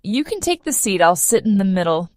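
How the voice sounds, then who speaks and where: A woman reading the lines of a calm, friendly male airline passenger in a language-lesson story, with a gentle manner. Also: high-pitched, a little fast, dry recording, clean studio sound. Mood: kind. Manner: gentle, easygoing.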